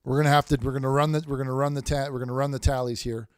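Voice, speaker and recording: Halting man reading chat aloud. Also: medium pitch, level tone, clean tone, no room sound, studio quality. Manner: halting, repeats words, many restarts. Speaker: livestream host reading chat. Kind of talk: casual livestream chat.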